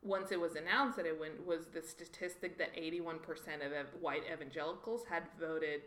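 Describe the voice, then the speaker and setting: A woman from Mexico, telling personal stories in a lively conversational way and acting out the voices of others. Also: low-pitched, normal speed. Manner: animated, acts out quoted voices. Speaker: guest. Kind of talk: conversational storytelling. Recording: roomy echoey room.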